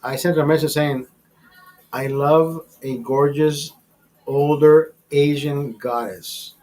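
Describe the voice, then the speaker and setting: Male stream host, slightly high voice, profane and rambling. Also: fairly even intonation, slow pace, darkish tone, soft background music. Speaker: livestream host. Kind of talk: casual crude chat.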